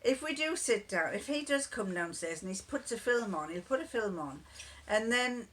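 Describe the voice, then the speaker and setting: A woman's voice: on the high side, expressive, normal speed, fairly bright tone, slight background noise. A woman chatting casually to camera, rambling and digressive as she tells homely stories. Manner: rambling, digressive, laughs often. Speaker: vlogger.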